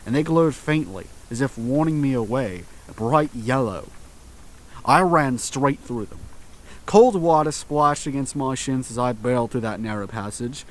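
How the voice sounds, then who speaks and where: Man narrating a horror story. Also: mid-range voice. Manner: slow, tense storytelling with dramatic pauses.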